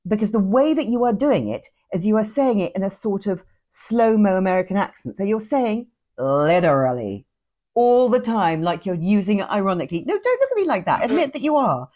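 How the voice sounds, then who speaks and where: Husky, lively woman ranting drily. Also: medium pitch, fairly quick, few pauses. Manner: wry, drily exaggerated rants. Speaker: podcast co-host. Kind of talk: casual chat.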